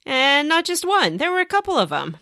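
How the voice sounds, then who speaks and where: A woman co-hosting a podcast, retelling her game in casual, animated storytelling. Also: sits high, brisk, no room sound, studio quality. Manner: animated storytelling, acts out characters. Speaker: podcast co-host. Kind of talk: casual chat recapping a game.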